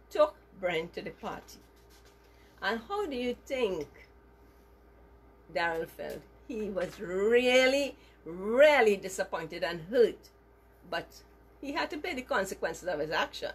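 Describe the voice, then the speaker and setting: A woman telling a moral story to children as a teacher, animated and asking them questions as she goes. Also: mid-range voice, slight background noise.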